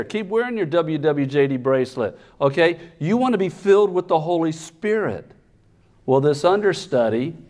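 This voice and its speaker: Animated male preacher telling a story. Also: fairly high pitch. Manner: animated storyteller, acts out characters with sudden shouts. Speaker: pastor. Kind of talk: sermon with storytelling.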